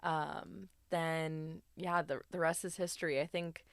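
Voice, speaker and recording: A woman's voice: sits low, flat delivery, no room sound, clean studio sound. A young woman co-hosting a podcast, chatting casually and throwing in teasing quips. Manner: teasing, quick reactive quips. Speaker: podcast co-host. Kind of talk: casual chat.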